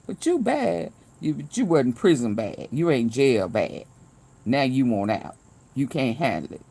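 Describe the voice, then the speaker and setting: A woman hosting a casual livestream, talking slowly and with plenty of sass. Her voice sits low, with a gravelly edge, and she often breaks into laughter as she scolds. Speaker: commentary vlogger.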